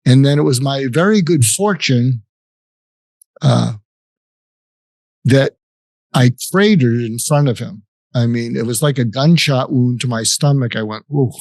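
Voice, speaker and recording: An older man, a psychiatrist, recounting a personal story in an interview, reflective and halting with restarts. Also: mid-range voice, darkish tone, no room sound.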